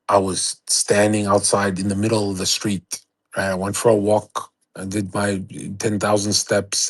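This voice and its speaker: Husky-voiced man ranting crudely. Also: lowish voice, rough recording. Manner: crude, boastful, rambling. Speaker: livestream host. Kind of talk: casual rant to a live chat. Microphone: streaming setup.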